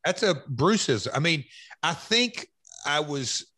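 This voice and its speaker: A man in his fifties with a Southern US accent, hosting a podcast and reminiscing in a halting, reflective way. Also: a little high, very animated, pushed and bright, no echo. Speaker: podcast host. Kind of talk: casual podcast chat.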